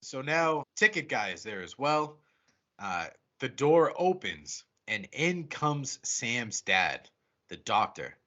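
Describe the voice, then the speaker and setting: A man co-hosting a podcast, recapping a horror movie scene by scene in a casual, profane, animated way. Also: mid-range voice, slow. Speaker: podcast co-host. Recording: muffled lo-fi audio.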